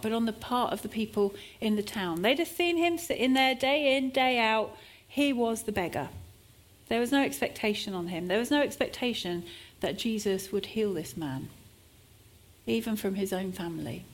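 A woman preaching a sermon in a church service, her voice a little high and swinging widely up and down. She leans into shifting emphasis and sometimes acts out desperate cries.

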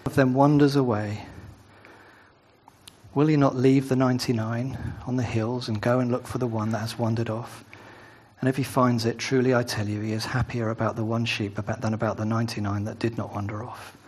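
A man's voice: medium pitch, flat delivery, a little fast, darkish tone, husky. A man preaching a sermon, first reading scripture aloud, then talking it through conversationally with asides and tag questions.

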